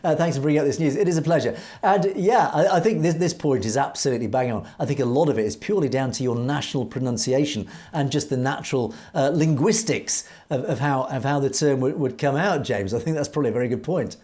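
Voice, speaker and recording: A man's voice: mid-range voice, quick pace, hardly any pauses, warm tone. A man co-hosting a political commentary show, emphatic and earnest, often restarting his sentences as he reads out viewer comments. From United Kingdom. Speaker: co-host reading viewer comments.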